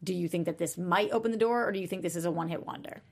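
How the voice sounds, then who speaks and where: A woman's voice: on the low side, racing, a little mellow. A woman moderating a casual panel discussion, asking questions and reading out comments. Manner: prompting, asks questions and reads out comments.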